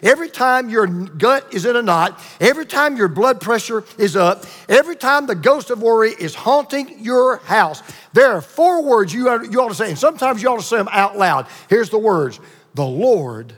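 A male pastor delivers a sermon in a fairly high voice, building emphasis through repeated phrases and drawn-out pauses. His words ring out with a long hall reverb around them. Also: expressive, a bit bright. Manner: emphatic preaching with repetition and dramatic pauses.

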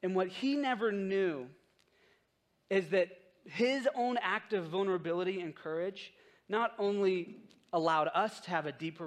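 High-voiced man preaching conversationally. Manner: conversational storytelling preaching, acts out quotes. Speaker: pastor. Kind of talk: sermon.

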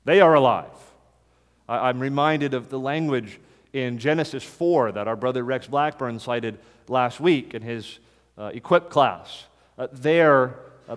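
A man's voice: mid-range voice, long reverb tail. A man preaching a sermon, pressing his points with emphatic, repeated commands. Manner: emphatic, hammering repeated imperatives. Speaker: pastor.

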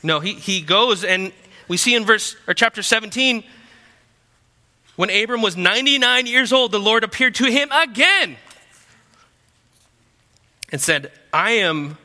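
Bright-voiced joking preacher in a hall. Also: male voice, sits high, expressive, measured pace, long pauses. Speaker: pastor. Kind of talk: sermon. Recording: long hall reverb.

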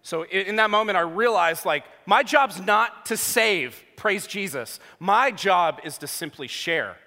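A man in his thirties preaching a sermon, telling a personal story with jokey asides, going from hushed to loud. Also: sits high, animated, a little slow, gravelly. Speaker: pastor. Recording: long hall reverb.

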